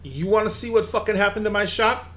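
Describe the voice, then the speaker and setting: A man's voice: high-pitched, quick pace, fairly bright tone, slight background noise, voice pushed up. A man voicing a defensive, foul-mouthed male tattoo shop owner who swears freely. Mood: exasperated. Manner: swears freely, streetwise and exasperated.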